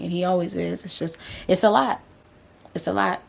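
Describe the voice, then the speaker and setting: A woman's voice: fairly low pitch, fairly even intonation, normal speed, gravelly. A woman vlogging candidly to camera, slangy and emotional, talking herself through her doubts. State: tearful, voice breaking. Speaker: vlogger and podcast host. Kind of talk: candid confessional vlog.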